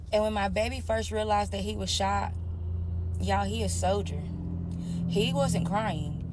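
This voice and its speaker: A woman's voice: mid-range voice, noisy background. Candid woman telling her story. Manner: candid, addresses listeners as y'all. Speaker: storyteller sharing her life. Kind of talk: emotional personal storytime.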